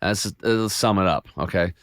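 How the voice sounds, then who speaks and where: A man guest on a podcast, telling his health story in a casual, animated way with many restarts. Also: low voice, moderate pace, no echo, clean studio sound. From United States. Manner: animated storyteller with frequent restarts and quoted self-talk.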